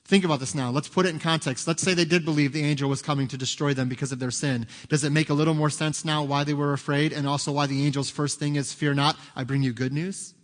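A man's voice: steady tone, quick pace, few pauses. Man preaching in a reverberant hall. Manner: emphatic preaching, rising loud and high at climaxes, dropping soft for quotes. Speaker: pastor. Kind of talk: sermon.

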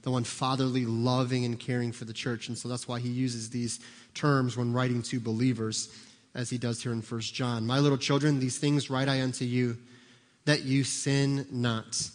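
A man preaching a sermon as a pastor, animated and acting out little scenes, sometimes shouting for emphasis. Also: mid-range voice, moderate pace. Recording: long hall reverb.

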